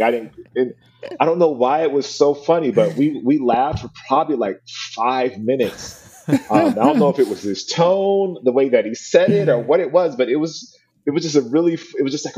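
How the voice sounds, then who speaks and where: A man being interviewed, telling a story in a relaxed, rambling way full of restarts. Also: mid-range voice. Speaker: guest. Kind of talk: casual interview chat.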